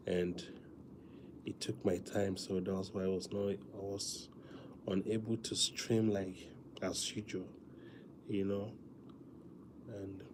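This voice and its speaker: A man chatting casually to viewers on a live stream, talking softly with many fillers because he is feeling weak. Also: low-pitched, background noise. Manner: soft, drawn-out talk with many fillers.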